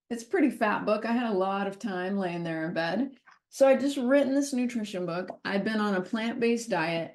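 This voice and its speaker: Animated woman telling a personal story. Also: mid-range voice. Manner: expressive, laughs often while telling the story. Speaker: wellness speaker. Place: talk or masterclass session.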